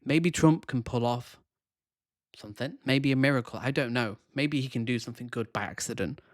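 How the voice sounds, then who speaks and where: A man's voice: mid-range voice, normal speed, no room sound, clean studio sound. Man giving critical reaction asides. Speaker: YouTube commentator reacting to a clip. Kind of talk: casual reaction commentary.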